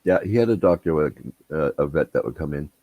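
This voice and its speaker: A man's voice: rumbling low, expressive, fairly quick, dry recording, highs cut off. A man telling rambling, profane anecdotes in casual chat. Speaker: storyteller.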